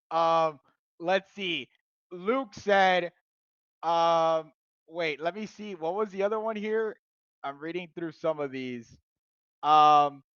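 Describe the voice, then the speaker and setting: A man hosting a casual live stream, excitable, laughing loudly and filling pauses with ums. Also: on the high side, smooth, no room sound. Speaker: streamer host. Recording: dull lo-fi dry sound.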